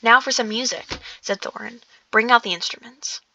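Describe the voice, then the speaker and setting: Gal reading a book out loud in the dark, trips over words a lot, bright voice, bit of gravel. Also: female voice, on the high side, normal speed, highs cut off, slight background noise. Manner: stumbling, restarting lines, chatty asides. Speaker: audiobook reader. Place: dark room indoors.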